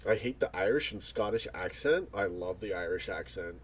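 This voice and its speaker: A man hosts a casual live chat, reading out comments and rambling through jokes and banter. His voice is husky, and his pitch swings widely from line to line. He often restarts his sentences mid-thought. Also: expressive, moderate pace. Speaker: livestream host.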